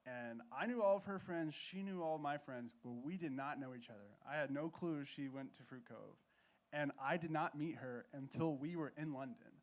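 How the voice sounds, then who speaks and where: A man's voice: on the high side, normal speed. Easygoing man telling his story. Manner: easygoing, self-correcting, joking along. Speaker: guest. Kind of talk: conversational storytelling. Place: church stage.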